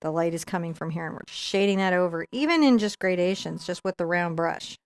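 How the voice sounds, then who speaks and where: A middle-aged woman leads a live painting tutorial in a chatty, meandering way. Her voice is smooth and resonant, recorded close with no room sound. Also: fairly low pitch, brisk, no echo. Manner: chatty, laughs often, rambling asides. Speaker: painting instructor.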